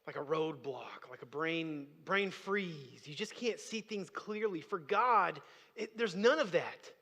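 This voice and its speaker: A man's voice: on the high side, lively intonation, a little slow, gravelly, sharp tone. A man preaching a sermon as pastor, speaking conversationally and rising to emphatic bursts. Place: church sanctuary. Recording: long hall reverb.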